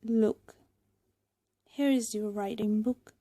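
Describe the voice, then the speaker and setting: Woman reading a gentle old carpenter father. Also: medium pitch, steady tone, takes it slowly, no echo, clean studio sound.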